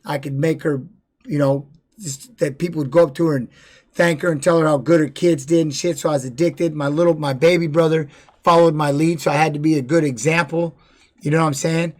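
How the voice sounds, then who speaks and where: A man's voice: on the high side, fairly even intonation, a little fast. Blunt, profane middle-aged man streaming. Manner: blunt, profane, with many restarts and "you know what I mean". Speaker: former fighter streaming to viewers. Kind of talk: casual livestream storytelling.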